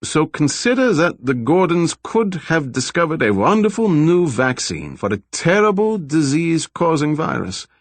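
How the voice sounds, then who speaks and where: A man voicing a calm, lecturing laboratory scientist with a slight foreign accent, explaining things patiently in an audiobook. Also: on the high side, dry recording, voice pushed up. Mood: explanatory. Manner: measured, explanatory, politely evasive. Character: middle-aged male lab director, soft-spoken, lecturing, with a slight foreign accent.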